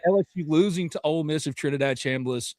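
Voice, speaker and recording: A man hosting a sports podcast, chatting in an animated, joking way. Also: fairly high pitch, fast talker, no echo, studio quality. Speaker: podcast host. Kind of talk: casual podcast chat.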